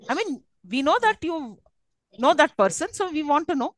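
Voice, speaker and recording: A woman with a high, very animated voice teaches a university English class at normal speed. She explains patiently, asks her students many questions and uses lots of fillers. There's no echo, but the recording is rough.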